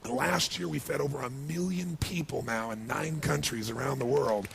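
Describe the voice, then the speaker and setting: A motivational speaker, a man with a gravelly voice, gives an emotional storytelling speech at normal speed, swinging from hushed to loud and high when he is moved. The recording carries a little hiss or hum.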